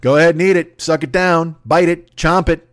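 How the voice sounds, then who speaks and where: A man's voice: fairly high pitch, fairly even intonation, moderate pace, no echo, clean studio sound. A man in his forties hosting a solo comedy podcast, rambling through profane, self-mocking tangents. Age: 40s. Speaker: podcast host.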